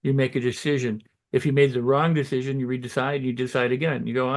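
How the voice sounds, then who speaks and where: A man giving motivational self-help advice as a guest, talking loosely and acting out excited self-talk in quick quoted asides. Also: mid-range voice. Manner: loose and conversational, with restarts and "you know". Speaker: guest on a holistic health show.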